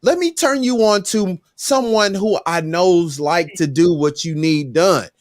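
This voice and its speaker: A man with a notably high voice, chatting on a podcast. He tells stories with emphatic, sermon-like conviction. The sound is dry and close. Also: animated, measured pace, no room sound. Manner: emphatic storyteller, preachy. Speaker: podcast co-host. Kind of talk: casual chat.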